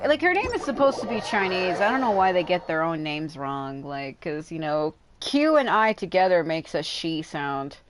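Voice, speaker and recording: A woman's voice: on the low side, sing-song, normal speed, hardly any pauses, faint music behind. A woman streaming a video game, rambling and exasperated as she comments, swearing often. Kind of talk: casual live gameplay commentary.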